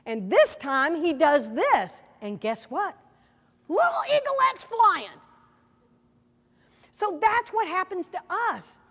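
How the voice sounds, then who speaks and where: A woman presenting a seminar workshop in a lively way, often asking the audience questions, recorded with a long hall reverb. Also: very high-pitched, slow pace, long pauses. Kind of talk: teaching a workshop.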